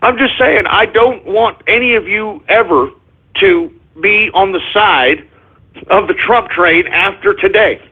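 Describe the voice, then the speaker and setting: A man hosting a political talk radio show, ranting combatively and breaking into shouted bursts. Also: sits high, a little slow, husky. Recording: phone-like narrow band.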